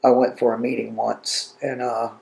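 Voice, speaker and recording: Gravelly man. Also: medium pitch, little pitch movement, normal speed, a little mellow. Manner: plain storytelling, country-spoken. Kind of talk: casual interview answer.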